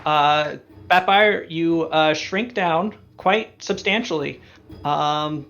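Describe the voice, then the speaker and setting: A man runs a tabletop session as game master, his slightly high voice carrying a gravelly edge. He talks in a relaxed, thinking-aloud way with frequent fillers. The audio sounds dull and lo-fi. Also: takes it slowly.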